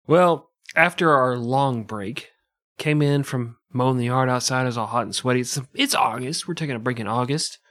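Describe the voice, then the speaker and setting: A man's voice: mid-range voice, moderate pace, fairly bright tone, no room sound, studio quality. A man co-hosting a comedy podcast, telling a story in a joking way and laughing often. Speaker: podcast co-host. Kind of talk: casual comedic chat.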